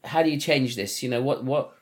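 A man with a Liverpool accent, a podcast host and dad, chats casually in a medium-pitched voice at a fairly quick pace. He sounds thoughtful and restarts his sentences often.

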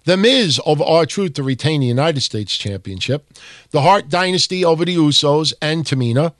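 A man's voice: on the high side, moderate pace, no room sound. Dry-voiced man hosting a podcast. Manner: mock-enthusiastic reading, deadpan asides. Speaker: podcast host. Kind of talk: casual wrestling history podcast.

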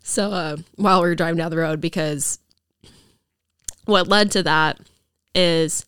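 A woman's voice: on the low side, steady tone, measured pace, fairly bright tone, clean tone, no echo, clean studio sound. A young woman, a podcast guest, rambling through a personal story with lots of fillers.

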